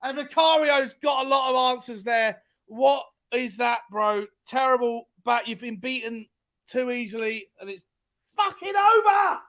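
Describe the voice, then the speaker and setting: A man hosting a football fan show, commentating live on a match in an excitable way and shouting at the players. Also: very high voice, measured pace.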